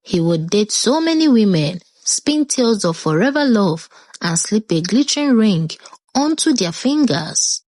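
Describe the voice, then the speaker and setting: A woman narrating a scripted story with dramatic, expressive delivery. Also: mid-range voice, a little slow.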